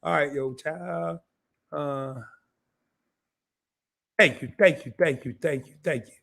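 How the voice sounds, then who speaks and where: A hoarse man hosting a live interview stream, joking around in a loud, slangy, animated way. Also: a little high, slow pace. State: hoarse from laryngitis. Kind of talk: casual live-stream chat.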